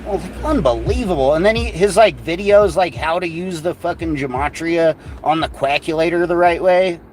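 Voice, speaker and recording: High-voiced man in a swearing rant. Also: moderate pace, darkish tone, slight background noise, poor audio. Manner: rambling, heated, swears a lot, many fillers. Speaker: vlogger. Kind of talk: casual profane rant.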